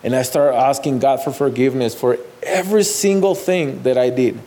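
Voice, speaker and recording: A man's voice: medium pitch, mellow. Man telling his testimony. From Mexico. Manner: halting, repeats words, non-native phrasing. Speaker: guest sharing testimony. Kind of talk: personal testimony.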